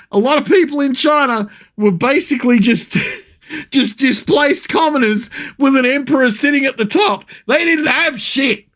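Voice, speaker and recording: A man's voice: very high voice, moderate pace, a bit bright. A man streaming live, ranting and swearing with frequent laughter as he comments. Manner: profane, ranting, laughing often.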